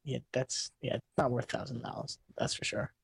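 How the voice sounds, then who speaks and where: A man's voice: mid-range voice, little pitch movement, brisk, gravelly, husky, no room sound. A man co-hosting a casual late-night tech podcast, rambling through a story with frequent restarts and laughter. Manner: rambling, restarts sentences often, laughs while telling stories. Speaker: podcast co-host.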